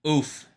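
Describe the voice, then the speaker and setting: A man hosts a live stream of casual reaction commentary, chatting in a rambling way. He laughs often and swears freely.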